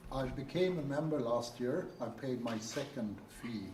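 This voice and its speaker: A man's voice: mid-range voice, a little slow. A man introducing himself at a conference with wry, joking remarks. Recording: echoey hall, distant mic, loud noise.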